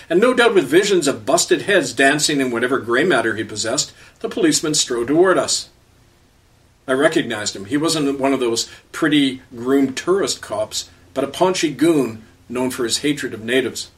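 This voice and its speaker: Casting: male commentator and storyteller, biting and sarcastic, mid-pitch voice, a step back from the mic. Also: brisk, a bit bright, recorded from a distance. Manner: sarcastic, polemical. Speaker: pastor and show host.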